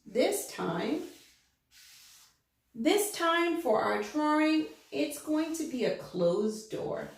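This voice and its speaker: Woman teaching little kids to read, slow and bouncy, big echoey room. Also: sits high, gravelly, soft background music. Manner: animated storytelling, acts out letters' lines. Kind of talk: children's reading lesson.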